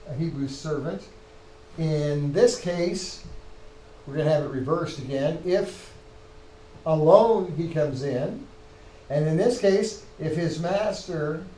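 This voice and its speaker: A professor in a lecture hall explains his material with emphatic stress, often restarting his phrases mid-thought. His voice sits fairly high for a man. The room gives it a noticeable echo, with faint ambience underneath. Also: warm tone, slight background noise. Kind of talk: university lecture.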